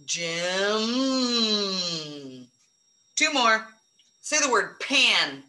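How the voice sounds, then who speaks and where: A woman teaching a phonics lesson to young children, encouraging them and modeling each word slowly. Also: medium pitch, lively intonation, pushed and bright, reverberant. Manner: encouraging, drawn-out modeling of words.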